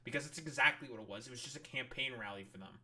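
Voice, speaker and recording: A man with a bright, forceful voice rants at political clips as he streams. He swears constantly and sounds openly fed up. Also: medium pitch, racing, a little hiss or hum. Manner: angry, profane ranting. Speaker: streamer reacting to news clips. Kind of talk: casual political commentary.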